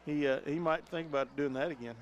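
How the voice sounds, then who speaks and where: A man working as play-by-play announcer for a local high school football broadcast, calling plays with folksy excitement and the odd chuckle. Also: fast, highs cut off, a little hiss or hum. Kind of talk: local sports commentary.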